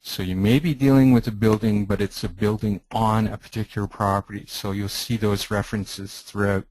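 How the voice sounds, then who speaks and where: Middle-aged canadian guy doing a webinar talk, lowish voice, dry close sound, steady explainer. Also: no room sound, low-quality recording. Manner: measured, explanatory, with some restarts. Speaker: webinar speaker, heritage planning consultant. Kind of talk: webinar presentation.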